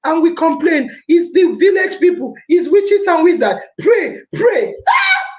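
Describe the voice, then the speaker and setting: A woman's voice: very high-pitched, big pitch swings, a little slow, reverberant, raised voice, poor audio. A Nigerian woman hosting a podcast, giving an impassioned civic talk, repeating phrases for emphasis and slipping into Pidgin. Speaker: podcast host.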